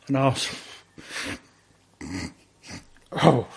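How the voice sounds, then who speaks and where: A man's voice: medium pitch, normal speed. A man with an Australian accent, a podcast guest telling a story in casual talk, blunt and profane, full of fillers.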